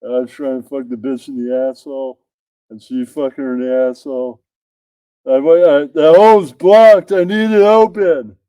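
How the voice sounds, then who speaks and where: A man reading out a crude comedy bit, profane and deadpan, tagging his jokes. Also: a little high, normal speed, clear, resonant tone, dry recording. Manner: profane, deadpan, tags jokes with "that's right". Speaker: comedy reader.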